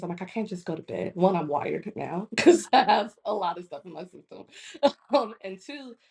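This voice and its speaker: A woman in her thirties retells a frustrating day with lots of energy, slipping into other people's voices as she quotes them. Her pitch jumps high on those quotes and drops back to a plain, mid-range speaking voice. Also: a little mellow. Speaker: guest in a conversation. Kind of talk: casual storytelling.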